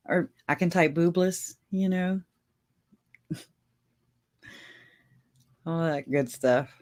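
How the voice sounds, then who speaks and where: A woman's voice: fairly low pitch, extremely slow, long pauses, darkish tone. A woman hosting a casual livestream, chatting with her viewers and laughing often as she talks. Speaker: livestream host.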